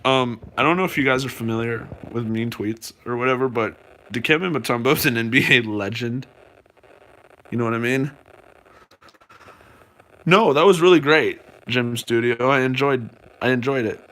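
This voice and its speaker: A man's voice: medium pitch, normal speed, long pauses, fairly bright tone. A man live-streaming from home, chatting loosely with his viewers and rambling through fillers and restarts. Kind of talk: casual live-stream chat.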